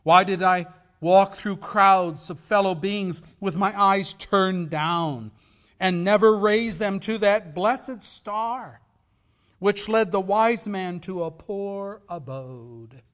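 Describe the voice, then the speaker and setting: A man reading aloud as a regretful male ghost in chains, declaiming slowly, loud and drawn out. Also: high-pitched, voice pushed up. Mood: anguished lament.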